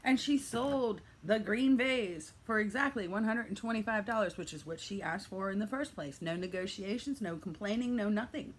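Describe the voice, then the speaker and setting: A woman's voice: mid-range voice, a little hiss or hum. A middle-aged woman who resells goods, telling her own story as a playful fairytale and calling herself the old lady. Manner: playful, animated storyteller speaking of herself in third person. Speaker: reseller vlogger. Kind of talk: storytelling vlog, fairytale-style narration.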